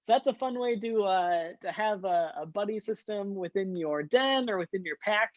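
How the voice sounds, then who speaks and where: A man's voice: high voice, animated, normal speed, dry recording, dull audio. A man hosting a scouting den meeting for young kids, upbeat and leading activities with frequent "uh" fillers.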